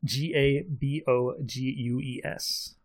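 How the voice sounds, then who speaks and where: A man's voice: mid-range voice, steady tone, slow, dry recording. Rambling self-mocking man, dry sound. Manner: rambling, self-deprecating, chuckles often. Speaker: podcast co-host. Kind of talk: casual podcast chat.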